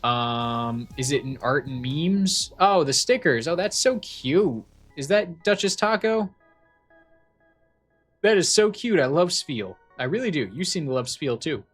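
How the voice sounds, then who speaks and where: A man's voice: fairly high pitch, animated, a little slow, slightly rough, soft background music. A man streaming a farming game, chatting casually and jokingly with viewers in a rambling way full of fillers and restarts. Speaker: livestreamer. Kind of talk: casual livestream chat.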